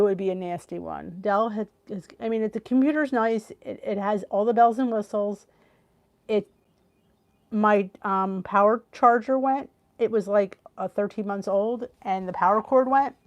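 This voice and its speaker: A woman's voice: mid-range voice, normal speed. Chatty middle-aged woman on a live stream. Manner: chatty and excitable, gasps and trails off mid-thought. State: tired, yawning from the heat. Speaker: host of a live cooking stream. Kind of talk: casual live-stream chat, reading viewer comments. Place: home, on a video call. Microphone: computer on a video call.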